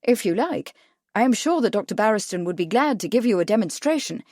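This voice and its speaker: A woman doing a calm gentleman scientist. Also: medium pitch, brisk, dry recording, clean studio sound, lightly acted.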